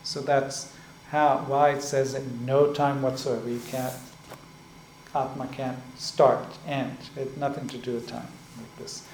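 A man giving a spiritual discourse as a teacher. He explains slowly and often checks in with "right?" and "like this". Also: medium pitch, flat delivery, a little mellow. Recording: echoey room with faint ambient noise.

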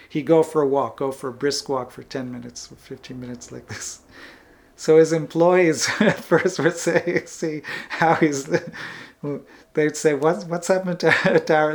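A man with a fairly high voice gives a spiritual talk as a teacher. He speaks earnestly and emphatically, circling back over the same phrases. Soft laughs and small restarts run through his speech.

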